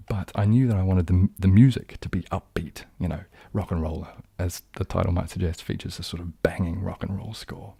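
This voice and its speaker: Low, dark New Zealand man rambling. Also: vocal fry, slightly rough, no echo. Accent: New Zealand, leaning southern English. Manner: rambling and self-deprecating, many ums and restarts. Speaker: ASMR streamer hosting a live chat. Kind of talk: casual live-stream chat.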